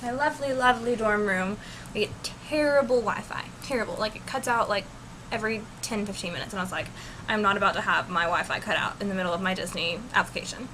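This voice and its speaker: A young adult woman telling a story in a casual vlog, chatty and animated, filling her talk with "like". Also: medium pitch, quick pace, slight background noise. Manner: chatty, animated, says "like" constantly. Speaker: vlogger. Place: college dorm room.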